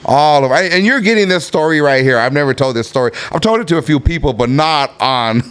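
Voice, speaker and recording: A middle-aged man with a Southern California Chicano accent, telling a profane, animated story as a podcast guest and acting out the voices in it. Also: on the high side, quick pace, smooth. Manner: animated, profane, acts out every voice in his stories. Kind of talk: casual storytelling in a podcast interview.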